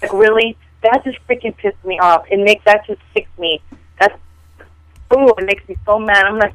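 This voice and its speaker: A woman co-hosting a casual podcast chat, telling a story in an animated, exasperated way. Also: mid-range voice, normal speed, dry recording, low-quality recording. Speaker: podcast co-host.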